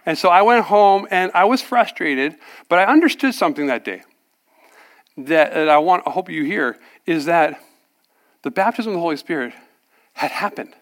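A man with a slightly higher voice preaches a personal testimony. He tells his story animatedly, often voicing the people in it and laughing along the way. His delivery rises and falls between energy and quiet reflection. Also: animated, moderate pace. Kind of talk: sermon testimony.

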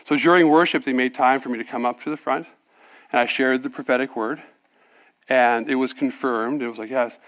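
A man preaching a sermon, telling his own story with lively acted-out dialogue and frequent laughter. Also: medium pitch, fairly quick. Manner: animated storyteller, acts out dialogue, laughs often. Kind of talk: sermon testimony.

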